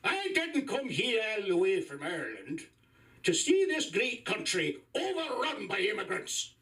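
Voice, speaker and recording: A man's voice: high voice, huge pitch swings, a little slow, fairly bright tone, recorded from a distance, pitched above the performer's own voice, full character voice. A man putting on the voice of his angry old immigrant father, bellowing in outrage. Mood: outraged.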